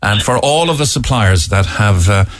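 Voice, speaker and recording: A man's voice: fairly low pitch, lively intonation, moderate pace, a bit bright, no room sound. A man with a Cork accent presenting talk radio in a studio, earnest, with many "uh" fillers as he reads out listener texts. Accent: Irish, Cork. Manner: earnest, with frequent "uh" fillers and restarts. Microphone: studio microphone.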